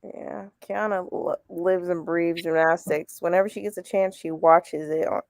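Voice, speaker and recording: A woman's voice: fairly low pitch, steady tone, moderate pace, creaky, darkish tone, no echo, clean studio sound. A woman, hosting a casual livestream chat, laughing often and reading comments aloud. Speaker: host.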